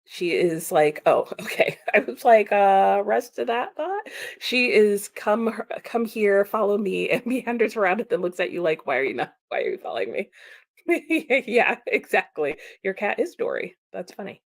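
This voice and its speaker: A chatty woman hosts a relaxed livestream, talking back to her viewers in an easygoing, mid-pitched voice. She laughs often and leans on "like" and "um" as she thinks aloud. The sound is close and dry. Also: unhurried, gravelly, no room sound. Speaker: livestream host reading chat comments. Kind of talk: casual live chat.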